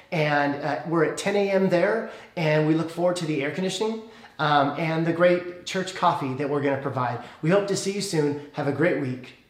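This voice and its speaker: Earnest pastor with a roomy echo. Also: male voice. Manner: earnest storytelling, dropping soft and low in prayer. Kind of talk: sermon.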